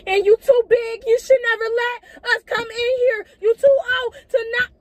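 Very high-voiced exasperated woman complaining from inside a car. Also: fairly even intonation, normal speed, no room sound. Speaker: prank target, the host's sibling.

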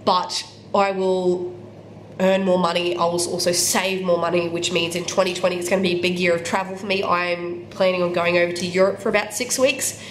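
An Australian woman with a lowish voice talks candidly to her viewers at home, sounding like she has a cold. She chats freely and doubles up words for emphasis. The room is echoey, with a faint hum in the background. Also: little pitch movement, a little fast. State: sick with a cold. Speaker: book vlogger. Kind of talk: casual vlog chat.

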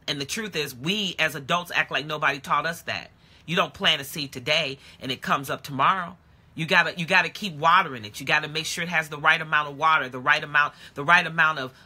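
A woman preacher giving an impassioned sermon, moving between shouting and quiet, plain talk. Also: deep voice. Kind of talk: live-streamed sermon.

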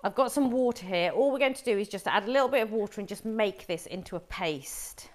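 A woman's voice: mid-range voice, expressive, a little fast. Chatty woman hosting a cooking demo. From Wolverhampton, England. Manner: chatty, explains each step to viewers. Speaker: cooking show host. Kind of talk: live cooking demonstration.

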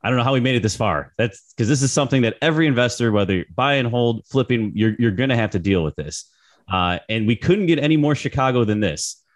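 Slightly hoarse podcast co-host man. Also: mid-range voice, quick pace. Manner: relaxed, chatty, stumbles and repeats words. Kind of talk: casual podcast chat.

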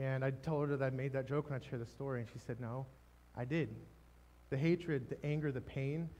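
A man preaching a sermon, telling a personal testimony in an emotional, halting way with many restarts. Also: medium pitch, darkish tone. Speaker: pastor. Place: church stage.

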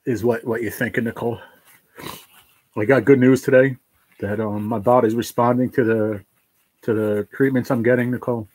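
A man hosting a livestream, crying and thanking his viewers in a heartfelt, halting way. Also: mid-range voice, steady tone, darkish tone, slightly rough, no echo. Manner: tearful, heartfelt, halting with restarts. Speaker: livestream host reading chat. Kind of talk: emotional livestream chat.

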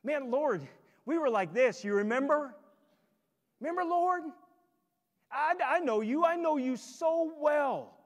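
Preacher doing a wheedling would-be believer. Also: male voice, very high voice, expressive, slow pace, pauses often, pitched above the performer's own voice, full character voice. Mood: pleading. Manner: rambling, wheedling, self-assured. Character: man pleading he knew the Lord, overfamiliar, insistent. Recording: long church hall reverb.

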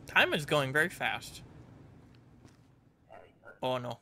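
Young male gaming YouTuber, animated, bit high-pitched, noisy background. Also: moderate pace. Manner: animated, barks orders at game characters. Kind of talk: playing a game on camera.

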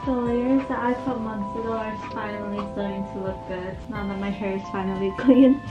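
A woman's voice: mid-range voice, steady tone, normal speed, dull audio. A young woman chatting casually as a travel vlogger, upbeat and narrating her day. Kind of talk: casual vlog chat. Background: music bed.

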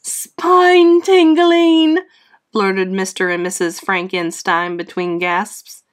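A woman reading a children's storybook aloud in a slow, expressive, teacherly way. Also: medium pitch. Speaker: read-aloud host.

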